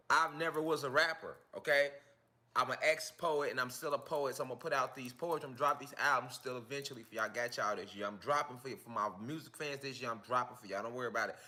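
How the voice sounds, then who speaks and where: A man's voice: medium pitch, bright, forceful tone. A man teaching a casual livestream class on spiritual topics, talking in slangy, repetitive, emphatic street speech.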